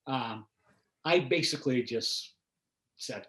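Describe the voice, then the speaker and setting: An older man hosting a casual conversation, telling stories in a measured, thoughtful way with frequent hesitations. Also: medium pitch, a bit bright, echoey room. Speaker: host.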